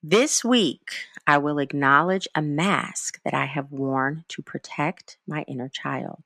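A woman co-hosting a faith podcast, talking earnestly about her life and reading a prayer slowly. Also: deep voice, fairly bright tone, no room sound, clean studio sound. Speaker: podcast co-host.

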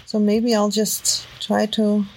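A woman with a heavy German accent, hosting a podcast and thinking aloud in casual commentary as she reads web posts, halting with fillers and restarts. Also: medium pitch, monotone, heavy background noise. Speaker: podcast host. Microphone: home microphone.

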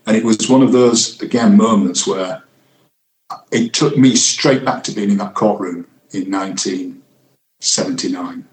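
An older man, a retired detective, recounts a past investigation in an interview, reflective and halting with fillers. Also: on the low side. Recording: roomy echo.

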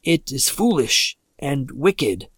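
A man's voice: medium pitch, animated, measured pace, a bit bright, no room sound, clean studio sound. A man reading aloud and voicing a frightened old father who speaks unsteadily and falters. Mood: fearful.

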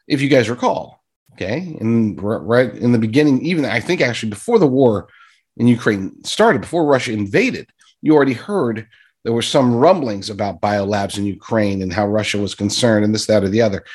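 A man's voice: medium pitch, expressive, fairly quick, a little mellow, husky. A man giving sarcastic, rambling political commentary and addressing his listeners directly. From United States.

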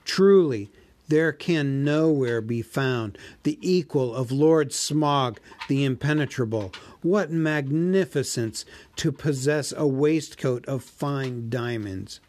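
A man voicing a small timid male hobbit who speaks in a frightened, hesitant squeak. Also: takes it slowly, darkish tone, natural voice. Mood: flattering.

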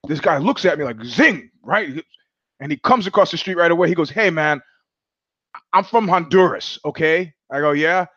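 Brief: male host on a livestream, rambling storyteller, voice a bit higher than usual, dry and slightly dull audio. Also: expressive, fairly quick, a bit bright, no room sound. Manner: rambling storyteller with many restarts and quoted asides. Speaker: show host. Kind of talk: casual livestream monologue.

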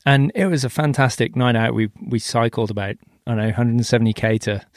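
A man's voice: medium pitch, fairly quick, no room sound, studio quality. An Australian man hosting a podcast interview, telling stories in a loose, easygoing way with casual swearing. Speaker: podcast host.

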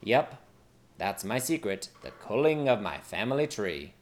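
A ruthless young queen from a comic fantasy story, haughty and sneering, as a man puts her on. She schemes coldly and looks down on everyone. The tone stays low and close. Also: sing-song, measured pace. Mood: scheming.

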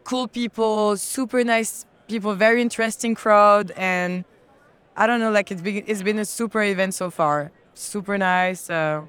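A woman with a strong French accent speaks English as a second language, her voice smooth and clear. She talks in a chatty, halting way with plenty of fillers and restarts. She is recorded on a handheld mic at a conference expo hall. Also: medium pitch, a bit bright. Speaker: guest, brand representative. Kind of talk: casual conference interview.

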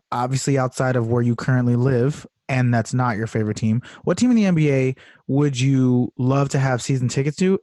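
A man's voice: medium pitch, dark tone, dry recording, clean studio sound. A man co-hosting a podcast, posing questions and pushing his picks in an emphatic, profane way. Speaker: podcast co-host. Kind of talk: casual chat.

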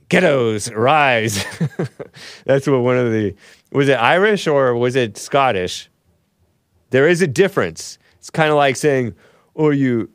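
A man hosts a loose live-stream show, rambling from one aside to the next and laughing often. His voice sits at an ordinary pitch but sometimes leaps up high for a joke. The sound is close and dry, with no room around it. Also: smooth, no echo. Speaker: talk show host. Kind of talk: casual live-stream chat reading viewer messages.

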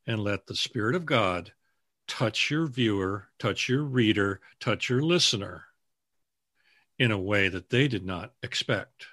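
A man's voice: fairly low pitch, expressive, a little slow, fairly bright tone, no room sound, studio quality. A man who works as a book editor, answering interview questions earnestly and acting out the people in his anecdotes. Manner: earnest, storytelling, acts out the people he quotes.

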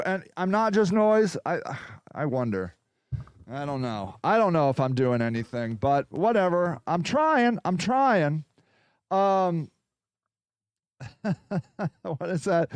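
A man with a high, smooth voice hosts a casual livestream podcast, rambling from one thought to the next and answering viewer comments. He speaks slowly, and the room sound is dry and close. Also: no echo. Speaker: podcast host.

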